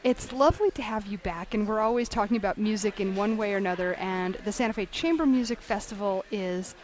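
A woman hosting a radio show, giving short affirmations and smooth guest introductions. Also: mid-range voice, fairly quick, a little mellow. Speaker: radio host.

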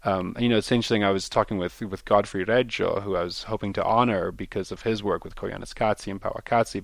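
A man's voice: fairly low pitch, vocal fry, dry recording. A man speaking as a festival organizer in a radio interview, enthusiastic and often repeating words as he searches for them. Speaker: film festival organizer, guest.

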